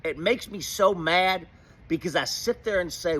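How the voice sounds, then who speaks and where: A man's voice: high voice, a little slow, a bit bright, husky. A man delivering a profane, sarcastic political rant, repeating his points with heat. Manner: profane, sarcastic, repetitive ranting. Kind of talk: angry political rant to camera.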